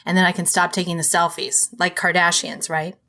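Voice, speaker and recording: A woman's voice: on the low side, little pitch movement, a little fast, pushed and bright. A woman from Minnesota hosting a podcast, asking her guest questions in a friendly, chatty way and laughing often. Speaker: podcast host. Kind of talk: casual interview chat.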